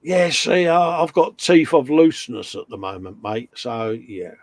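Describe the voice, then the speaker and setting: A man's voice: medium pitch, big pitch swings, measured pace, a little mellow, no echo. A middle-aged man hosting a casual live stream, chatting, reading viewer comments aloud and slipping in puns.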